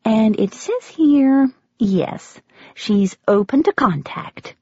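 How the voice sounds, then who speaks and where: Woman narrator voicing a nasal, efficient American office woman, higher and brighter. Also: animated, takes it slowly, breathy edge, dry recording, dull audio, full character voice. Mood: efficient, chatty. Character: brisk nasal American woman agency clerk.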